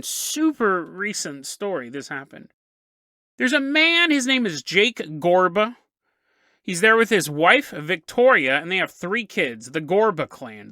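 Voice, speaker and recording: A man hosts a podcast and tells a story in a loose, jokey way, wandering into asides. His voice is bright and lively, and his pitch moves a lot. The sound is dry and close, with no room around it. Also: no room sound. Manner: jokey, rambling, laughs at his own asides. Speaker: podcast host.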